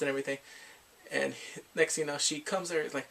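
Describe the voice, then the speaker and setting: A man's voice: medium pitch, fairly even intonation, a little fast, gravelly, fairly bright tone. A man casually recapping drama episodes, rambling and filling his talk with "like" and acted-out quotes. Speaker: drama reviewer.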